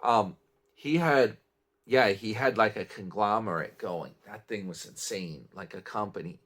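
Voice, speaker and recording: Low-voiced man rambling casually. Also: normal speed, a bit bright. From New York. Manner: chatty, meandering, trails off and restarts. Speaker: vlogger. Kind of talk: casual rambling morning chat.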